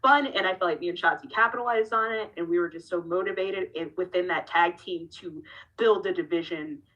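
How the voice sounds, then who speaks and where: A woman's voice: on the low side, brisk, muffled recording. A woman in her thirties, a professional wrestler, giving a candid interview and telling her story animatedly, acting out the dialogue. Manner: animated, acts out dialogue with shifting tone.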